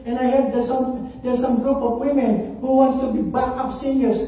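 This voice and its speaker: A middle-aged Filipino woman pastor delivers a sermon full of humorous personal stories. Her voice is high and mellow. It sounds heavily echoey, picked up from some distance across a church hall. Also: steady tone, moderate pace. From Philippines. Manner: humorous, anecdotal preaching.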